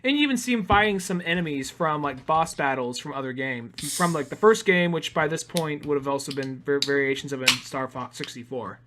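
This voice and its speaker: A man's voice: a little high, a little fast, hardly any pauses, fairly bright tone, slight background noise. Rambling man on a casual podcast. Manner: rambling, full of "like" and restarts, swears casually. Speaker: podcast co-host.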